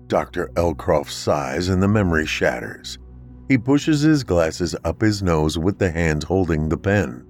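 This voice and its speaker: A man narrating a horror story in a dramatic, expressive way. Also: sits low, measured pace, faint music behind.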